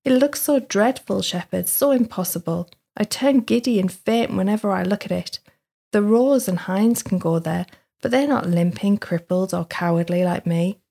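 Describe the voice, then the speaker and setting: Scared little pilgrim girl, pleading and shaky, a bit gravelly, read out by a woman. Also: medium pitch, normal speed, dark tone. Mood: fearful pleading. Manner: trembling, pleading, fearful. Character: timid frightened young woman pilgrim. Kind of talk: reading a book passage aloud.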